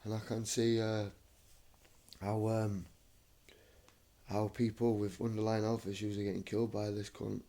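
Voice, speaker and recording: A man's voice: lowish voice, level tone, a little slow, long pauses, warm tone. A young man, feverish and shivering, rambling at home in a repetitive way and calling the listener mate. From United Kingdom. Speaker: vlogger. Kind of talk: rambling home video monologue. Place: his home.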